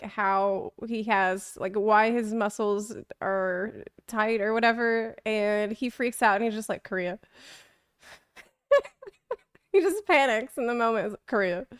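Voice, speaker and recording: A woman's voice: a little high, smooth, dry recording, studio quality. A young woman streamer chatting casually, telling rambling, self-deprecating stories and laughing often. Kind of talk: casual chat.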